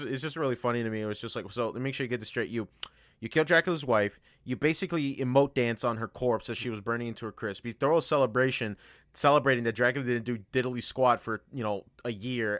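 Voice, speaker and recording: A man's voice: mid-range voice, dry recording, studio quality. A man co-hosting a podcast, casually retelling a show's plot with lots of swearing and laughter. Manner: profane, animated retelling with laughs. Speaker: podcast co-host. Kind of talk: casual chat.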